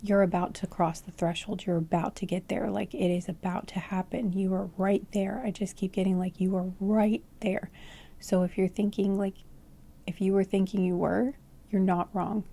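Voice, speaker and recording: A woman giving a casual tarot reading, rambling and searching for words, at times speaking softly into a close microphone because her voice is fading. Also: medium pitch, little pitch movement, normal speed. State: losing her voice. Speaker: tarot reader.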